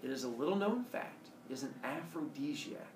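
A male teacher voicing a sly, smooth-talking male centaur in a classroom story. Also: fairly high pitch, expressive, normal speed, noisy background, natural voice. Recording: echoey classroom from far off.

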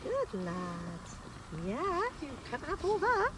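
A woman's voice: sits high, huge pitch swings, slow, far from the mic. A woman outdoors on a farm in casual chat, praising puppies in a sing-song way between firm commands. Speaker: dog owner. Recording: noisy outdoor recording. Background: dogs and outdoor noise.

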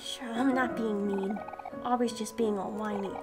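A woman's voice: mid-range voice, fairly even intonation, normal speed, close to an everyday voice. A woman voicing a cheeky, smug young boy who teases his friends, in a video game playthrough. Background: loud video game music.

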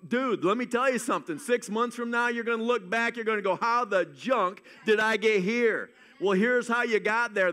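A man preaching a sermon in a church as pastor, energetic and folksy, with jokes and asides. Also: extremely high pitch, clean tone. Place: church sanctuary.

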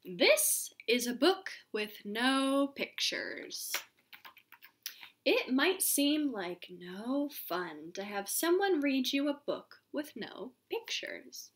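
A woman's voice: high voice, a bit bright, a little hiss or hum. A woman hosting a children's storytime, reading a silly book aloud in a playful, exaggerated way with goofy sound effects.

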